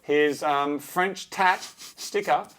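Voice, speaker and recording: A man with a slightly higher-than-average voice trades dry jokes with his co-host on a car podcast. He talks casually, stalling often on uh and um. His humor stays deadpan and understated. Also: slow pace, slight background noise. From Australia. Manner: dry, joking, lots of uh and um fillers. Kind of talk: casual banter.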